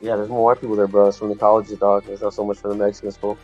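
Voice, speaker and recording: A man's voice: lowish voice, completely flat delivery, rapid-fire, a little mellow, faint music behind. A man chatting casually in a slangy, laid-back way, tacking "bro" onto his phrases. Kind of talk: casual chat. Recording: dull lo-fi audio.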